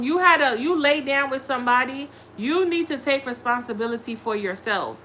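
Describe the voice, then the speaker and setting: Bright, blunt, cursing tarot reader woman. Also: high voice, lively intonation, normal speed, a little hiss or hum. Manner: blunt, profane, scolding. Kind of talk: live tarot reading stream.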